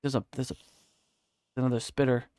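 A man's voice: medium pitch, flat delivery, brisk, mellow, no room sound, clean studio sound. A man giving casual, profane live commentary while playing a game, chatting to himself and his viewers. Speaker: streamer.

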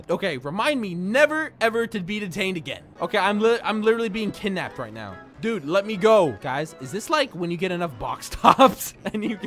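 A young man giving playful, giggly commentary while he plays an online game, often breaking into laughter and excited shouts. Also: high voice, normal speed, few pauses, faint music behind. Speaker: gaming YouTuber.

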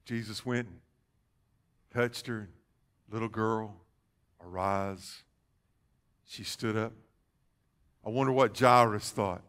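A man preaching a sermon as pastor, calling out questions to the congregation and rising to loud, fervent passages. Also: mid-range voice, fairly even intonation, unhurried, pauses often. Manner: call-and-response preaching, rising to loud fervor. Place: church sanctuary.

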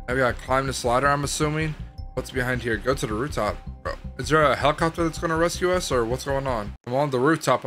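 A young man commentating a horror game, excitable and chatty, full of slang. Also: medium pitch. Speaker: gaming video host. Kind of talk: gameplay commentary. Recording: game music behind.

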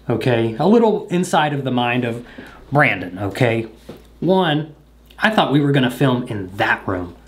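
Lively joking man talking to camera. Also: mid-range voice. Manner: rambling, jokey, self-mocking. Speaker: vlogger. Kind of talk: casual monologue to camera. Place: room in a house.

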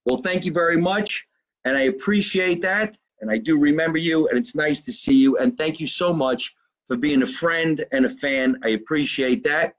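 A man with a New Jersey accent hosting a live stream from his basement, reading out viewer comments in a brash, profane, fast-talking way. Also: on the high side, low-quality recording. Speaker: comedian hosting a live show. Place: home basement.

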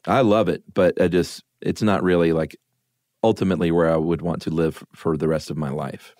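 A man with a notably deep, low voice chats casually as a podcast co-host. He sounds relaxed and talks loosely, often trailing into laughter. He speaks into a studio microphone. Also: moderate pace, dry recording. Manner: relaxed, laughs easily, chatty with fillers. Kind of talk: casual chat.

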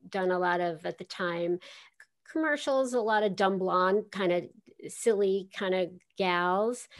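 An older woman from Queens, a voice actress, telling stories in a chatty, laughing way during a casual interview. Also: lowish voice. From New York, Queens. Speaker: voice actress guest.

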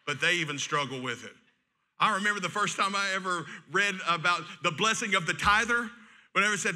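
Man, middle-aged pastor, folksy sermon, high voice, sharp bright tone. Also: fast. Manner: folksy, joking and animated preaching.

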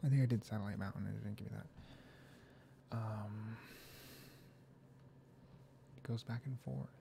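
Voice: mid-range voice, fairly even intonation, unhurried, creaky, noisy background. A gaming video creator thinks aloud while playing, rambling and often sliding into half-whispered muttering. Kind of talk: soft-spoken gaming commentary.

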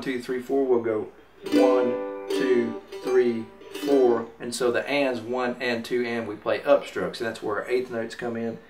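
A man teaching mandolin rhythm, talking in an easy way while he demonstrates and counts beats aloud. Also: mid-range voice. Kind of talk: instructional demonstration. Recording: roomy, off-mic with mandolin playing. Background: mandolin music.

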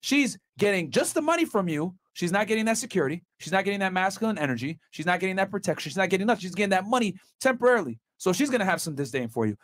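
A man's voice: sits high, big pitch swings, very fast, few pauses, a bit bright. A man hosting a podcast, giving blunt opinions in casual chat, often restarting and filling with "like" and "bro". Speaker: podcast host.

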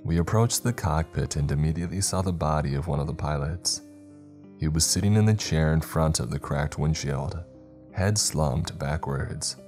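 A man narrating a horror story in a steady, measured way. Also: rumbling low. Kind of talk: scripted narration.

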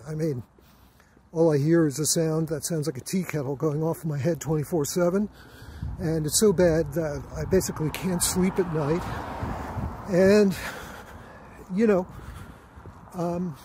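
A man vlogging a personal account in a halting way, with many fillers and restarts and a weary, aggrieved tone. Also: fairly high pitch, fairly even intonation, warm tone, a little hiss or hum. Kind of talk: casual personal account to camera.

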